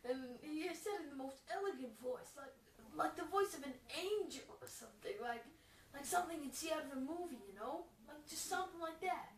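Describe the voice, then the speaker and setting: A woman's voice: sits high, expressive, brisk. A woman improvising a goofy, rambling parody voice-over of a preacher, full of restarts. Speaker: fan voice-over comedian. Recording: roomy echo, far from the mic.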